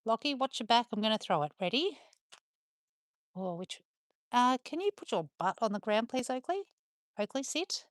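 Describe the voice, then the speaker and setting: A woman's voice: fairly high pitch, very animated, moderate pace, long pauses, no room sound, clean studio sound. A woman with an Australian accent chatting casually on a live stream from her farm, talking to her viewers and calling to her dogs in turn. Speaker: livestreamer on a farm.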